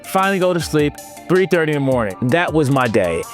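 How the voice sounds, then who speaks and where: A lively man from California, a motivational speaker, chats with students in a playful, sing-song way. His voice sits a little high for a man. Quiet music plays under him. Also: brisk. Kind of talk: casual storytelling to students.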